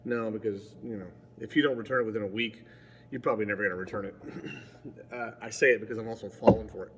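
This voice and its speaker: A man's voice: on the low side, steady tone, fast talker, big-room sound, noisy background. A man rambling casually to camera as a vlogger, digressive and self-mocking.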